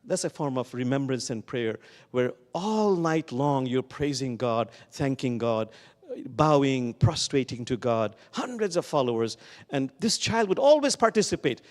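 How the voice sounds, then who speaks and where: In a church sanctuary, a man speaking as a guest at Sunday service tells stories from the pulpit while the big room's long reverb trails his words. He uses lively, wide pitch movement and stretches out important words slowly for emphasis.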